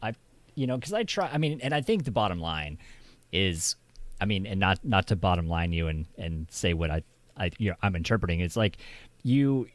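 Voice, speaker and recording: A man's voice: low voice, big pitch swings, normal speed, no echo. A man hosting a casual stream chat who rambles, restarting his thoughts often. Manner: rambling, heavy with fillers and restarts. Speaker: streamer host.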